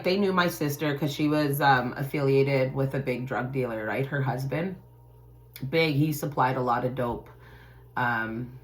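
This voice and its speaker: A woman's voice: low voice, fairly bright tone, poor audio. A woman host telling an emotional personal story in a casual, emphatic way and swearing freely. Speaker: tarot channel host.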